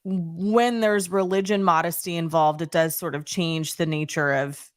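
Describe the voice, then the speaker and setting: A woman co-hosting a podcast in casual chat, talking expressively with quick asides. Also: on the low side, steady tone, dry recording, clean studio sound. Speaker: podcast co-host.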